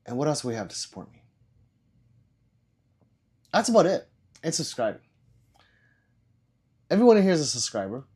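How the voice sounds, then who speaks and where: A man's voice: medium pitch, a little mellow, husky. Rambling man chatting on a livestream. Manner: rambling, loose, swears casually. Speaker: livestream host. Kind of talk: casual livestream chat.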